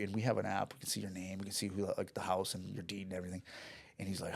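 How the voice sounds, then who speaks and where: A man's voice: fairly low pitch, fairly even intonation, fast talker, gravelly. A man telling a story in a casual chat, rambling and profane, with restarts and acted-out dialogue. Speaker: podcast guest.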